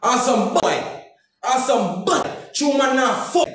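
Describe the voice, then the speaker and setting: A man's voice: extremely high pitch, lively intonation, slow, a bit bright. Ranting Jamaican man in an echoey room. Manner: heated, cursing, repeating phrases in Jamaican Patois. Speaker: comedian and YouTuber. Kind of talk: angry social media rant.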